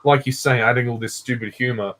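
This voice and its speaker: A man's voice: medium pitch, steady tone, quick pace, fairly bright tone. A man hosting a casual film discussion, agreeing briefly and often laughing. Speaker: channel host.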